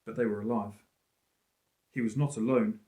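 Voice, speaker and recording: A man's voice: on the low side, moderate pace. Man reading a story in a roomy room. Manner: expressive, lively read-aloud. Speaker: teacher reading aloud. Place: school room. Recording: roomy echo.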